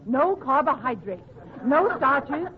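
A haughty, coy woman in 1940s radio comedy. Her voice is high and swoops a lot. The old recording sounds dull, with faint hiss. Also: big pitch swings, takes it slowly.

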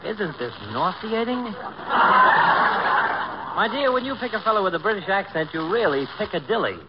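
An actor playing a sharp-tongued, huffy small-town doctor trading acid put-downs, in 1940s radio comedy acting. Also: male voice, sits high, lively intonation, moderate pace, highs cut off. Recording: hissy old radio broadcast recording.

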